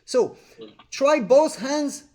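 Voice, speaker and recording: A man's voice: very high voice, lively intonation, extremely slow, a little mellow. A man teaching an online accordion master class over a video call, in non-native English. He sings syllables to show the phrasing. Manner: explains with sung syllables to demonstrate phrasing.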